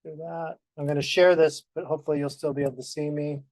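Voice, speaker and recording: A man's voice: fairly high pitch, level tone, quick pace, darkish tone, no room sound, rough recording. A man leading an online practice group over a video call, speaking in a friendly, practical, organizing way. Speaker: group facilitator.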